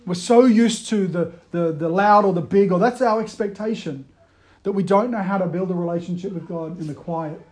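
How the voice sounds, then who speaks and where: A preacher gives a conversational sermon in a high but mellow, soft-edged voice at a moderate pace. He swings between emphatic bursts and quiet, hushed retellings.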